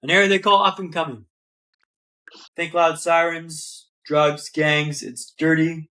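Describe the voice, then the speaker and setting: A man with a notably high voice tells his story as a podcast guest. He builds each scene in rhythmic repeated phrases and keeps calling the host "man". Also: flat delivery, measured pace, bright, forceful tone. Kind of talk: dramatic storytelling in an interview.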